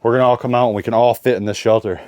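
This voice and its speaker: A man's voice: mid-range voice, little pitch movement, very fast, darkish tone, dry recording. A man hosting a fishing vlog in casual, enthusiastic chat, a bit out of breath. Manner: enthusiastic, chatty. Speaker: fishing vlogger. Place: inside an ice fishing shelter.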